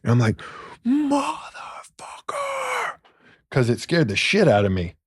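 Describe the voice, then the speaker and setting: A middle-aged man telling a story in a relaxed podcast chat. He acts out the voices in it and swears now and then. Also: on the low side, fast, breathy edge, no room sound, clean studio sound. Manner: animated, acts out quoted lines, swears. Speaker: podcast guest. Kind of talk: casual storytelling.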